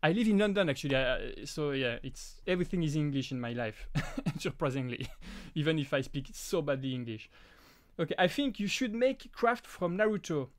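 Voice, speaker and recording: French-accented man with a high voice. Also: animated. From France. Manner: halting, frequent restarts and fillers. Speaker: live stream host. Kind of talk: casual live Q&A chat.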